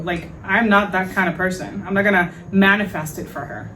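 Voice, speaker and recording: A woman hosting a podcast, telling a story in a frank, animated way, with lots of fillers and some swearing. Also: mid-range voice, a little fast, distant mic, a little hiss or hum, rough recording. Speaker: podcast host. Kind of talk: casual storytelling monologue.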